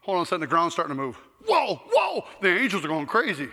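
A fervent, emotional thief, repentant and raw, as a man acts him out, his high voice swinging wildly from hushed pleas to shouts. The tone is bright and piercing, and the words ring out with a long reverb as if in a big hall. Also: quick pace, heavily acted. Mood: startled, humbled. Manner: animated, bursts into shouting and laughter. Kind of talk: one-man dramatic monologue.

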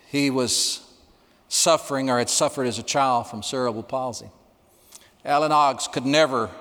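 A man in his sixties preaching a sermon, telling stories with emphasis and dropping quiet for the key lines. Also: medium pitch, in a large hall. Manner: storytelling, emphatic, drops to quiet for punchlines. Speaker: pastor.

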